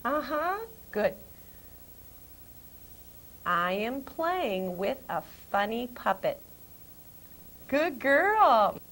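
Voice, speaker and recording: A woman teacher with a higher voice talks very slowly to a young child. She repeats syllables in a sing-song rhythm and praises often. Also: very animated, fairly bright tone. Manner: slow, sing-song, encouraging. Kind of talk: speech therapy lesson with a child.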